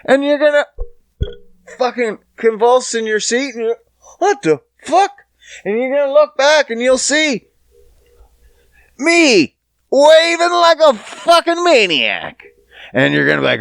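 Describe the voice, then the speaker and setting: Foul-mouthed podcast host in his thirties, high lively voice, slow animated rant, dry close mic. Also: clean tone, dry recording. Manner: profane, animated storytelling with voiced bits. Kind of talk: casual comedic podcast rant. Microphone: podcast studio mic.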